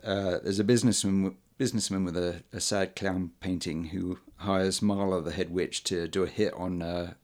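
A man in a casual podcast chat, talking haltingly with many ums and uhs and frequent chuckles. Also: deep voice, fairly even intonation, darkish tone. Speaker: podcast host reviewing old films.

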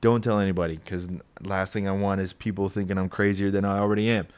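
A man's voice: low voice, quick pace, clear, resonant tone. Profane rambling man telling a story. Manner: profane, rambling, animated when quoting. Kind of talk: casual storytelling of a personal ghost experience.

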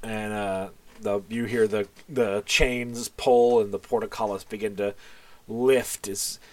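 A man's voice: lowish voice, fairly even intonation, takes it slowly, dry recording. A man narrating as game master of a tabletop game, loose and casual, with plenty of fillers and the odd curse.

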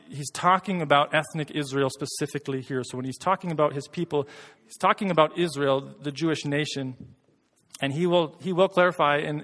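A man's voice: a little high, a bit bright, in a large hall. A man from Canada preaching a sermon as pastor, conversational and earnest, often repeating words as he thinks aloud.

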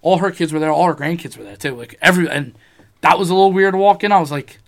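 A man's voice: on the high side, fast talker, creaky. A man in casual chat, telling a rambling personal story, swearing freely and acting out what people said.

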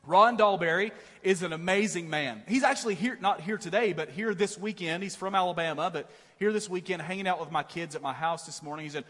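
Man, middle-aged pastor, sermon, high voice, long reverb, animated storytelling. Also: brisk. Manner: storytelling, animated and self-deprecating, with frequent "right?" asides. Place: large church auditorium.

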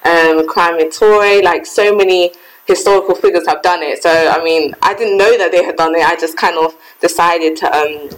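A young woman with a fairly low voice talks in a relaxed, reflective way. Her speech is loose and conversational, full of "like" and "um" as she works through her thoughts. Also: moderate pace, low-quality recording. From Ghana heritage, raised in England. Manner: reflective, frequent "like" and "um" fillers. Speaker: podcast co-host. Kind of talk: casual chat.

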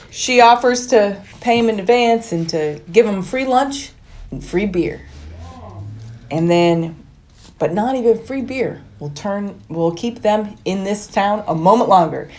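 A woman's voice: mid-range voice, a little mellow. A woman co-hosting a podcast, recapping a film in a chatty, storytelling way. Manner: chatty storytelling, puts on voices when quoting. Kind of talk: casual chat, plot recap.

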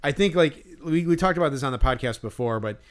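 A man's voice: fairly high pitch, animated, fast. A man co-hosting a podcast, telling a story casually, laughing as he talks and imitating others. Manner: chatty storyteller, laughs while talking, mimics others. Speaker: podcast co-host. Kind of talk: casual chat.

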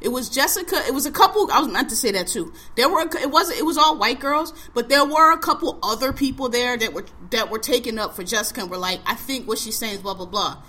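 A woman's voice: high voice, expressive, quick pace, hardly any pauses, bright, forceful tone. A woman co-hosting a casual podcast discussion, ranting heatedly and profanely with heavy emphasis.

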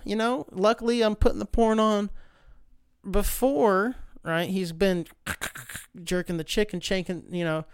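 Male host, loose and profane comic storyteller; smooth tone, close dry mic. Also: high voice, measured pace, no room sound. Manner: profane, rambling, animated. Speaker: podcast host. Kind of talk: casual comedic storytelling monologue.

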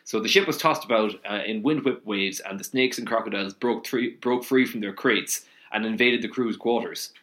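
A man's voice: on the low side, normal speed, few pauses, a bit bright. An Irish man co-hosting a casual podcast, telling rambling anecdotes and checking in with "right?" as he goes. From Ireland. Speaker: podcast co-host. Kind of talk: casual chat, storytelling.

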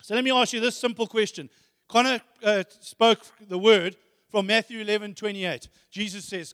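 A man's voice: high-pitched, normal speed, fairly bright tone. A man preaching a sermon, emphatic, repeating phrases and asking rhetorical questions. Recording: long hall reverb.

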